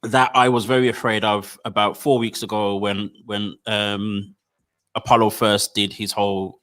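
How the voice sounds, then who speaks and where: A man talks fast and loose as a podcast co-host, tumbling through restarts and slang. His voice has a bright, clear edge to it, and he sounds keen and animated throughout. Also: fairly low pitch. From United Kingdom. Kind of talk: casual chat.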